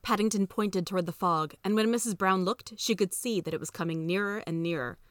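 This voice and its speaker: A woman reads a children's story aloud in a steady, even storytelling manner. Her voice sits mid-range, and the recording is dry and close with no room echo. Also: mid-range voice, a little fast. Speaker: podcast reader. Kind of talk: scripted storybook narration.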